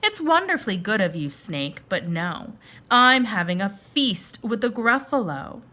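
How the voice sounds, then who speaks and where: A woman's voice: mid-range voice, big pitch swings, a little slow, pushed and bright. A woman voicing a small, clever brown mouse in a storybook read-aloud. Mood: polite.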